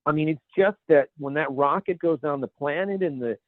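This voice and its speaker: A man's voice: fairly high pitch, a little fast, dry recording. Rambling man with a thin, phone-like sound. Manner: rambling, searching for words. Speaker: podcast co-host. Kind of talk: casual chat. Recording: dry, phone-like narrow sound.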